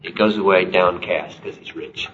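A man's voice: deep voice, fairly even intonation, normal speed, far from the mic, noisy background. A man preaching a sermon as pastor, emphatic and climbing to impassioned peaks. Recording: roomy, dull live sermon recording.

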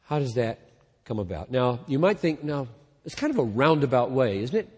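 A man preaching a sermon in a slow, deliberate way, swelling loud on key words and then falling almost to a hush at the ends of phrases. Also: medium pitch, sing-song, breathy edge, big-room sound. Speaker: pastor.

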